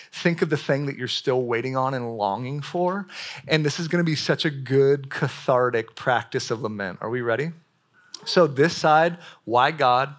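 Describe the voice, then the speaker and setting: A young adult man preaching a sermon to a room of young adults, in a lively, conversational style full of "like"s and questions to the audience. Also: mid-range voice. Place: church meeting room with a live audience.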